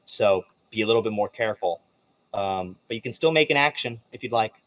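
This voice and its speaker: A man's voice: fairly low pitch, expressive, a little fast, a bit bright. A man narrating as game master of a tabletop game, playful, laughing often and swearing casually.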